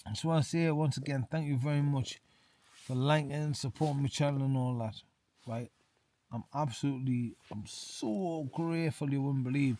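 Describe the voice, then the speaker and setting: A man's voice: medium pitch, steady tone, normal speed, warm tone. A tipsy man reviewing beers to camera from inside a small tent. He chats loosely, keeps saying "mate" and repeats himself. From England. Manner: chatty, says "mate" constantly, repeats himself. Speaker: outdoor vlogger. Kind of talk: casual beer review to camera. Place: small tent in winter hills.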